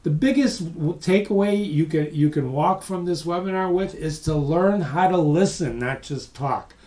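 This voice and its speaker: A man's voice: on the high side, moderate pace, a little mellow. A man giving a live webinar lecture, talking conversationally and repeating points for emphasis. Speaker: webinar presenter. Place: room with live audience online. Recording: roomy, distant mic.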